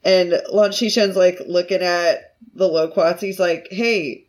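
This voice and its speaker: A young woman co-hosting a casual chat, retelling a show in an animated way, swearing freely and laughing often. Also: on the low side, unhurried. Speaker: podcast co-host.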